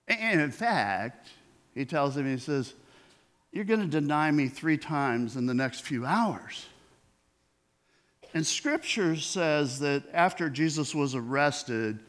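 A man's voice: a little high, a bit bright. A man preaching a sermon in a conversational way, acting out the dialogue he quotes. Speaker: pastor.

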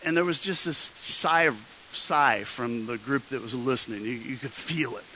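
Recorded roughly with a little hiss or hum, a pastor from the Midwestern United States speaks in a sharp, mid-range voice at normal speed. His sermon is a personal story told conversationally, full of restarts and rising into emphatic exhortation.

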